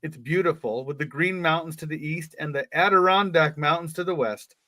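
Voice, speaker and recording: Man, podcast co-host, reads aloud, jokey asides, slightly high voice, dry sound. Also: brisk, bright, forceful tone, no echo. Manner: joking, laughs between lines. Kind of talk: casual reading with jokey asides.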